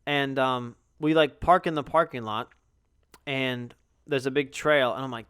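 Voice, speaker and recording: A man's voice: medium pitch, steady tone, unhurried, fairly bright tone, clean tone, no room sound, clean studio sound. A young man hosting a podcast, telling a rambling, profanity-heavy story in a casual way. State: yawning, tired. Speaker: podcast host.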